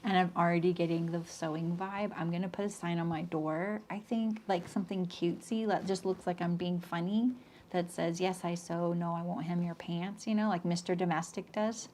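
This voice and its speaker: A middle-aged woman hosts a live sewing stream, chatting and joking with viewers and reading out their comments, often dropping into quiet asides. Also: fairly even intonation, a little fast, a little hiss or hum. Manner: chatty and joking, lots of restarts, often drops into a low aside. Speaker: sewing pattern designer hosting a live stream.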